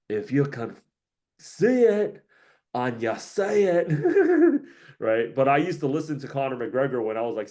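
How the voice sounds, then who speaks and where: A man's voice: lowish voice, darkish tone. A man hosting a casual career-coaching monologue, rambling, joking and laughing often.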